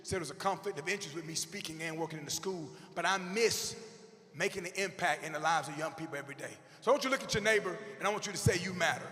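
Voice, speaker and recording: A man in his forties giving an animated, comedic motivational speech to teachers, shouting punchlines and acting out characters. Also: a little high, rapid-fire, slight background noise. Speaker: motivational speaker. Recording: long echo of a big hall.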